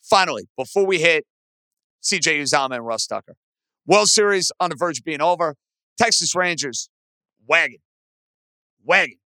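A man hosting a sports podcast, ranting with animated opinions about teams and trades. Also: moderate pace, clear, resonant tone, no room sound. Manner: animated, aggravated rants with rising pitch. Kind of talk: opinionated sports talk monologue.

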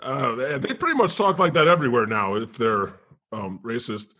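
A guy playing god hosting a comedy podcast, husky, joking deadpan. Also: medium pitch, moderate pace. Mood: wry. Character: God as a jokey podcast host. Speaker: host. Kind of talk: casual comedy interview.

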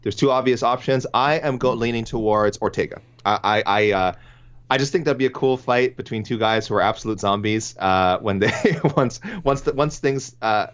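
A man's voice: medium pitch, moderate pace, smooth. A man co-hosting a casual MMA talk show, rambling and thinking aloud with many restarts. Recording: dull lo-fi sound.

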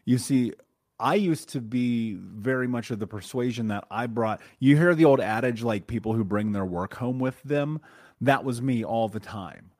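A man's voice: mid-range voice, moderate pace, darkish tone. A man hosting a solo podcast, talking bluntly and conversationally and often checking in with "right?". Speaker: podcast host.

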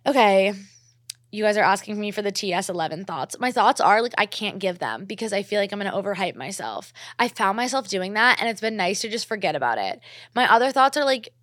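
A young woman from New Jersey chats alone on her podcast, gushing freely and packing her sentences with "like." Her voice sits at a middle pitch, recorded close and dry with no room sound. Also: big pitch swings, fairly quick, fairly bright tone, no room sound. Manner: gushing, filler-heavy, lots of "like". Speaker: podcast host. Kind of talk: casual solo chat.

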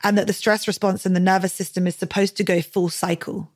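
A woman's voice: medium pitch, flat delivery, a little fast. A young adult woman hosting a podcast in casual chat. She talks chattily, filling her speech with "like" and swearing freely. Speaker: podcast host.

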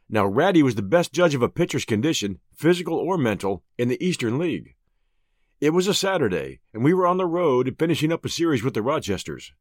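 Male storyteller, middle pitch, animated delivery, close dry studio sound. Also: no echo. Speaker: audiobook host and narrator. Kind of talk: scripted story narration.

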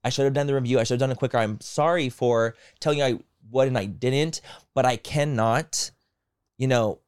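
A man co-hosting a podcast, retelling online drama in rapid, animated bursts and acting out quoted people. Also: mid-range voice, smooth, dry recording, studio quality. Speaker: podcast co-host. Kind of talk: casual gossip chat.

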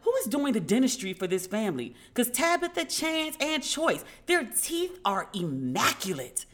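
A woman's voice: fairly high pitch, moderate pace. A woman podcast host chatting casually and frankly, swearing now and then and acting out the dialogue in her stories. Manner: animated storyteller who acts out dialogue.

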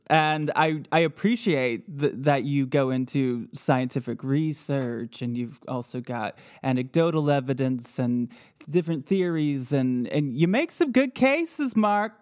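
A man's voice: mid-range voice, unhurried, darkish tone. A man hosting an interview, chatting casually and speaking appreciatively about his guest's book. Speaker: interview host.

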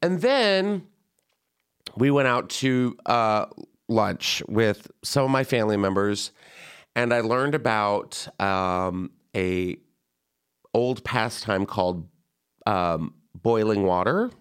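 A young man hosting a podcast, telling a story in an animated, chatty way and acting out the voices of people he quotes. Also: on the low side, clear, resonant tone. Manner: animated, quick asides, acts out quoted voices. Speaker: podcast host. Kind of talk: casual storytelling chat.

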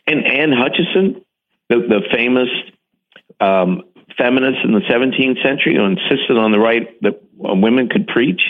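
A man's voice: medium pitch, animated, moderate pace. A man being interviewed who tells his stories with enthusiasm and emphasis and often restarts his sentences. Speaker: interview guest, TV series host. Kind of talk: animated storytelling in an interview. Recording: phone-like narrow radio line.

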